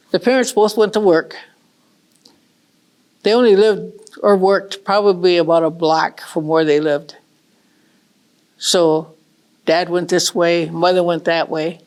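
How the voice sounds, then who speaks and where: Woman storyteller, gentle and unhurried, traditional oral telling, plain repetitive phrasing. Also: fairly low pitch, fairly even intonation.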